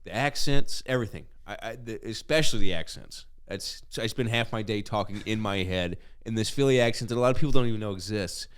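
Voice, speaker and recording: A man's voice: on the low side, fast, hardly any pauses, clean tone. A man co-hosting a casual podcast chat, rambling, swearing and laughing often. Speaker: podcast co-host.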